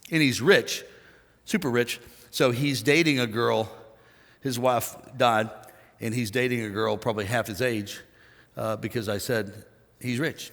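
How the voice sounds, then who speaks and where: A man's voice: medium pitch, big-room sound. A man preaching a conversational sermon as pastor, telling stories and acting out other people's lines. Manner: storytelling, animated quoting of others.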